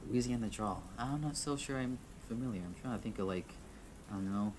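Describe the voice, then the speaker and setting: Guy with a lowish voice reading a game out loud, keeps fumbling and redoing lines, faint hiss behind. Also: brisk. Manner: stumbles, restarts, chuckles at himself. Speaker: gamer reading a visual novel aloud. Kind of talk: reading game text aloud with asides.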